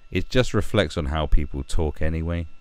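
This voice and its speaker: A YouTube commentator rants in a low, rumbling voice with a somewhat dark tone, moving at a moderate pace. His commentary rambles and is full of swearing, and he keeps restarting his sentences.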